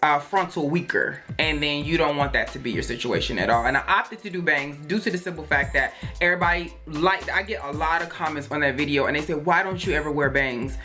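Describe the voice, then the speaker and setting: A woman's voice: sits low, brisk, few pauses, pushed and bright. A woman reviewing hair products in a chatty, rambling way, with many fillers and playful jokes. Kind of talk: casual product review chat. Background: faint music.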